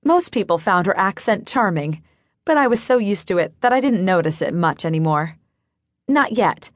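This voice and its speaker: A woman reading a cozy mystery in first person, even and clear, close to a studio mic. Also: fairly low pitch, fairly quick, dry recording. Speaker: audiobook narrator. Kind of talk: scripted first-person narration.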